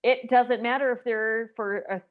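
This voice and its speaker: Animated woman in her forties. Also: a little high, moderate pace, phone-quality sound. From United States. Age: 40s. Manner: animated storytelling, emotional and laughing. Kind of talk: casual group chat.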